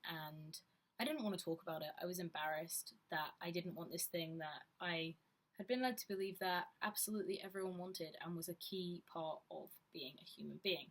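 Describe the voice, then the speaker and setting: Husky, low-voiced woman vlogging. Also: fairly bright tone. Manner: frank, reflective, conversational. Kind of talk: candid personal vlog talk.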